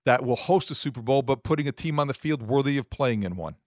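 A man co-hosting a sports talk radio show, talking in a measured, analytical way. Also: mid-range voice, animated, no room sound, studio quality. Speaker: radio co-host.

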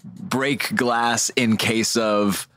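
A man's voice: on the low side, fairly even intonation, extremely slow, fairly bright tone, slight background noise. A man in casual chat, thinking aloud hesitantly with many fillers and restarts.

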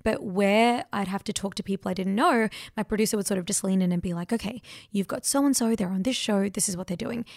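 A woman in her thirties, a podcast host from Australia, chatting casually and emotionally as she answers listener questions from her couch, full of fillers and quick asides. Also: medium pitch, darkish tone, dry recording, studio quality. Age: 30s. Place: sitting on a couch at home.

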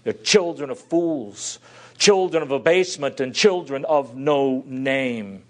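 A man preaching an expository sermon, earnest, swinging between loud emphasis and quiet drops. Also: medium pitch, takes it slowly.

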